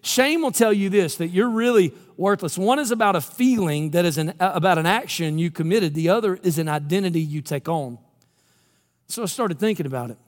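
A man's voice: high voice, expressive, a little fast. A man from Georgia, preaching a sermon in a storytelling way and acting out the quoted lines. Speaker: pastor. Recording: long hall reverb.

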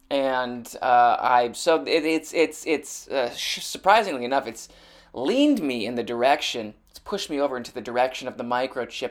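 A man's voice: medium pitch, normal speed. Rambling sardonic male podcast host. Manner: rambling, sardonic, frequent restarts and fillers. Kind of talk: casual chat.

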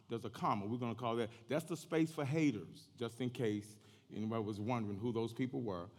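A man preaching a sermon with a hoarse voice, joking easily and reading scripture slowly. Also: mid-range voice, a little mellow. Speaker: guest preacher. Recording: long reverb in a church hall.

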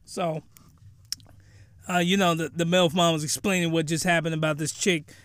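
A man hosting a podcast, giving a comedic recap of a cartoon episode in animated slang and breaking into excited shouts. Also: fairly high pitch, moderate pace, clear, resonant tone, dry recording, clean studio sound. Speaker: podcast host.

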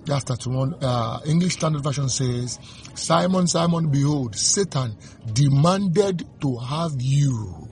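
A man preaching a sermon, slow and fervent, repeating refrains and reading scripture aloud. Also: medium pitch, animated, darkish tone.

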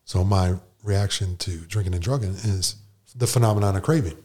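A man's voice: low-pitched, normal speed, dark tone, breathy edge. A man sharing his personal recovery story at a meeting in a casual storytelling way, acting out the conversations he retells. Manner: casual storyteller who acts out dialogue with "I'm like" and "she's like".

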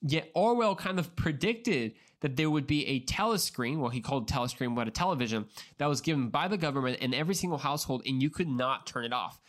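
A man's voice: medium pitch, expressive, fast. Earnest man hosting a solo podcast. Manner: earnest, conversational, with frequent restarts and repeated words; addresses the listener directly. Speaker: podcast host.

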